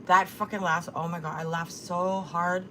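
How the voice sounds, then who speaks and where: A woman's voice: lowish voice, level tone, moderate pace, fairly bright tone, slight background noise. A woman hosting a casual livestream, reading chat comments aloud and mocking them with plenty of swearing. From Korea. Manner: sassy, mocking, swears a lot. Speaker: livestream host.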